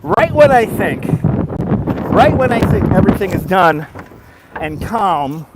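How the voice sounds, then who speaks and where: Brief: man, slightly high voice, livestream vlogger, recorded outdoors on a phone. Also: big pitch swings, unhurried, very noisy. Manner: chatty storytelling, greets viewers by name. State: tired after a nap. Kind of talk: casual livestream chat. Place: outdoors on a boardwalk.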